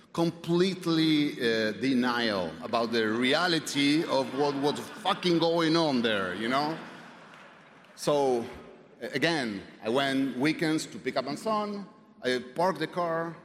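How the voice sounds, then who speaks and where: A man sharing his personal story at a recovery meeting, halting, with many fillers, restarts and swearing, and some wry humor. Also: fairly high pitch. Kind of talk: personal testimony. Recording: reverberant hall, faint background noise.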